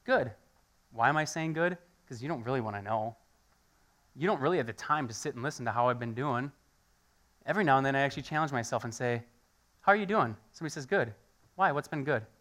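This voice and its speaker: A man preaches a conversational sermon, his voice bright and forceful. He tells everyday stories and plays the people in them with lively energy. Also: mid-range voice, fast talker. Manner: animated storytelling, acts out quoted voices. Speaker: pastor.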